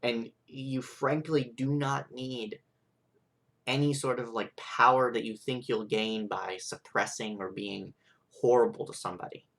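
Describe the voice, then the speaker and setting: A man's voice: medium pitch, steady tone, measured pace, vocal fry, fairly bright tone. A young man rants in a vlog monologue, rambling and frustrated, full of "like" and "right?" tag questions. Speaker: vlogger. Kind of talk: ranting monologue.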